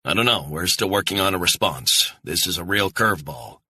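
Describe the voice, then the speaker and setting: Man doing a gruff handler on the line, low husky voice, brusque, swears freely. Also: expressive, a little fast, pushed and bright, no echo, heavily acted. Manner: clipped, brusque orders. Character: blunt male handler on the phone, curt and profane.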